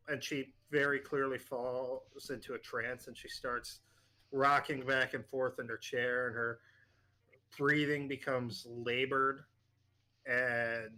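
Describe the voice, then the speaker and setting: A man acting as game master, narrating a tabletop horror game in a halting way with many fillers. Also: mid-range voice, pushed and bright.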